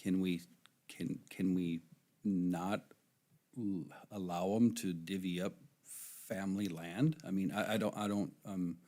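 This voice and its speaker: A man's voice: deep voice, fairly even intonation, unhurried, mellow. A man at a county meeting stumbling over his words, repeating himself as he tries to make a point. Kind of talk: public meeting discussion.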